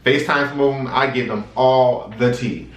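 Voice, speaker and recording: A young man in his twenties spins a casual storytime for his viewers, chatty and animated, talking right at them. His voice sits in a middling register. It comes from a mic set well back in a roomy indoor space. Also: mid-range voice, moderate pace. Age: 20s. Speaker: vlog host. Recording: roomy sound from a distant mic.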